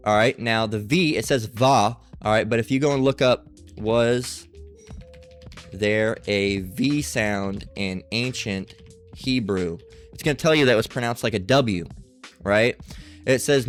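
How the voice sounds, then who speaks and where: A man's voice: fairly low pitch, normal speed, faint music behind. A man leading a screen-share Bible study lesson, talking emphatically and checking in with "all right?" and "okay?". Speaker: Bible teacher.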